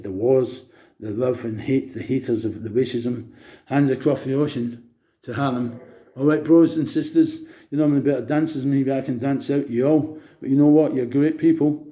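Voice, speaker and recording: A man talking in a rambling monologue to camera, agitated and breaking into sudden loud outbursts. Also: mid-range voice.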